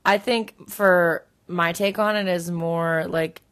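A woman's voice: fairly low pitch, steady tone, slow pace, a bit bright, smooth. A young woman in her twenties co-hosting a podcast, chatting in an easygoing, agreeable way. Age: 20s. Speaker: podcast co-host. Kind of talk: casual chat.

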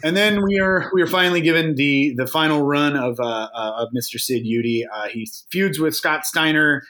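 A young man chatting on a podcast, bright in tone and pitched a little high. He tells stories with a lively, animated delivery and acts out what others said. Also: moderate pace. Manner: animated storyteller, quoting others in put-on voices. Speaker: podcast co-host. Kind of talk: casual chat.

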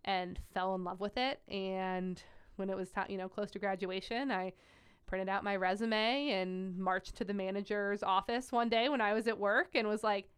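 A young woman working as a pediatric nurse, telling stories in an animated interview with many "like" fillers. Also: medium pitch, moderate pace, smooth. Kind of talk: conversational interview storytelling.

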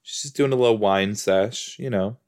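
A man with a lowish, slightly mellow voice talks at normal speed while reacting to a TV episode on his couch indoors. The casual chat rambles and sidetracks, peppered with frequent exclamations.

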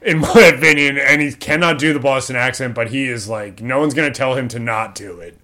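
A man co-hosting a podcast, talking loosely and rambling with plenty of "like" between his thoughts. His voice is bright and a little tense, at a middling pitch, and he laughs often as he goes. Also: brisk. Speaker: podcast co-host. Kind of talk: casual chat.

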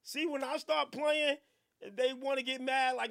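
A man hosting a radio podcast, riffing in casual, profane, animated banter. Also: extremely high pitch, normal speed, gravelly. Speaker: radio show host. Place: radio studio.

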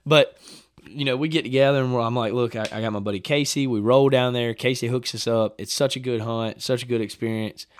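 A man with a drawl tells a hunting story in relaxed podcast chat, his voice mid-pitched and recorded dry and close. He acts out what people said with sudden bursts of excitement and laughter. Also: a little fast, clear, resonant tone, no echo. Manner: animated storyteller, acts out quotes, laughs often. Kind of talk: casual chat.

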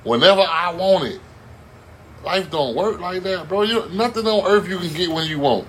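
A man's voice: high voice, brisk, slight background noise. A man in a heated casual debate, cutting in and pleading with his friend. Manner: pleading, keeps cutting in with "bro".

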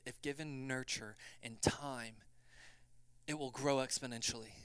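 A male pastor preaching a sermon, moving from quiet reflection to loud, urgent passages and acting out quoted voices in a conversational way. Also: medium pitch, no room sound.

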